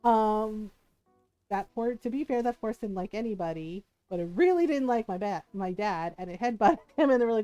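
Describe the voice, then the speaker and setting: A woman's voice: mid-range voice, expressive, moderate pace, mellow, smooth, soft background music. A young woman streaming a game, telling a rambling story with lots of fillers and frequent laughter. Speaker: live streamer. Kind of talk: casual storytelling while gaming. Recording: slightly muffled stream audio.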